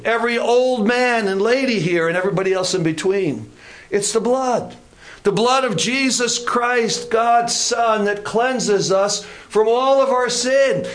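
A man preaching a sermon as a pastor, with deliberate, repeated emphasis and folksy asides. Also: very high-pitched, fairly bright tone.

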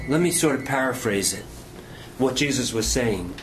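A man preaching a sermon with passion, swinging between strong emphasis and quiet, near-whispered lines. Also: medium pitch, expressive, slight background noise. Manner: impassioned preaching with dramatic pauses and dropping to near whisper. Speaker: pastor.

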